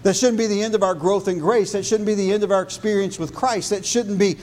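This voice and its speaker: A man preaching a sermon as pastor, building on repeated phrases and dropping low and soft for emphasis. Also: fairly even intonation, quick pace.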